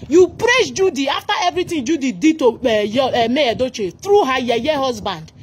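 A Nigerian woman with a Nigerian accent, ranting angrily and mocking a celebrity, switching into pidgin. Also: high voice. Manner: scolding, mocking, mixing pidgin. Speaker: commentator. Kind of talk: angry reaction rant.

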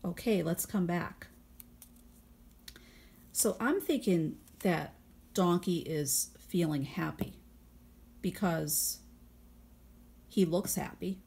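A woman teacher speaks slowly and patiently as she reads a picture book to young children for a home video lesson. Her voice is low-pitched and breathy. She pauses often to ask gentle questions and talk through her answers.

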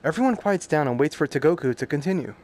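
A man with a higher-pitched voice streams a game, talking quickly and animatedly. He reads the subtitles aloud and piles on crude jokes, swearing often and reacting loudly.

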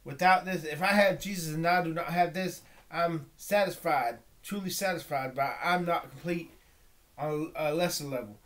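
A man praying aloud in a halting, pleading monologue, often breaking off and restarting, dropping to a hush at times. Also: fairly high pitch. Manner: drops to a hushed whisper at times. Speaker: vlogger. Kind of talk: spoken prayer monologue.

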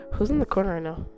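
A young man live-streaming a game with his friends, excitable and teasing, often laughing and breaking into sudden high yelps. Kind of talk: casual live-stream gaming banter.

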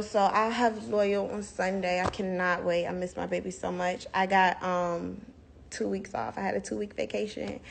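A young woman with a gravelly, medium-pitched voice is hosting a livestream, ranting bluntly and profanely into her phone. It's a heated, casual rant.

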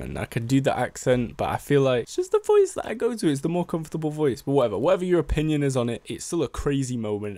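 A man's voice: medium pitch, a little mellow, no echo. A young man from Sheffield with a Sheffield accent, rambling casually in slangy, self-deprecating vlog chat. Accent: Sheffield English. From Sheffield, England. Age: young adult. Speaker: rapper and music producer.

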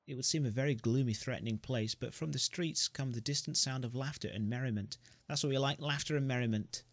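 A man's voice: mid-range voice, a little fast, dry recording. Man narrating his story-game playthrough, joking asides, mid voice, dry close sound. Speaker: gamer. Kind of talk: reading a story game aloud.

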